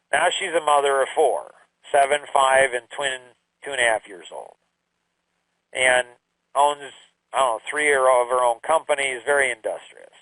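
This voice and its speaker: A man's voice: mid-range voice, fairly bright tone, no echo, poor audio. A middle-aged man telling parenting stories in a casual, conversational way, repeating phrases and acting out quotes. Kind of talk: casual storytelling talk.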